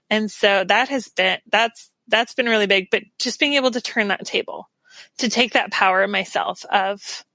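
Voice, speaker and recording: A woman with a bright, clear voice speaks as a podcast guest. She is earnest and reflective and often laughs softly, recorded on a dry, close mic. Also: on the high side, moderate pace, no echo. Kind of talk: casual interview chat.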